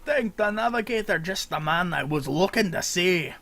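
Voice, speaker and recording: A man reading game dialogue aloud as a gruff male sailor officer, stumbling over words as he goes. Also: high-pitched, lively intonation, normal speed, fairly bright tone, pitched above the performer's own voice. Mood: brusque.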